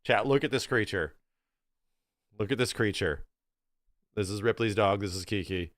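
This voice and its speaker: A man chatting casually to his live-stream audience, excitable and quick to laugh. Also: fairly low pitch, dry recording, studio quality. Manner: excitable, talks to his chat, laughs easily.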